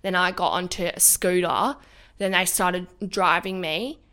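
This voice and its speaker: A woman's voice: fairly low pitch, fairly even intonation, a little slow, sharp tone. A young woman, a podcast co-host telling a story in casual chat, rambling and swearing a lot.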